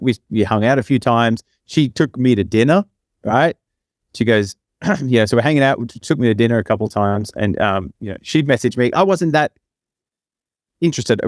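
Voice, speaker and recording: Man, podcast co-host, casual rambling storytelling, filler-heavy, low pitch, dry sound. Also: no echo.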